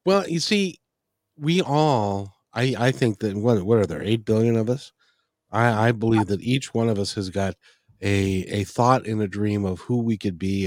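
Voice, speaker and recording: Halting male host, low dry voice. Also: darkish tone, dry recording. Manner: halting, repeats words. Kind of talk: podcast interview chat.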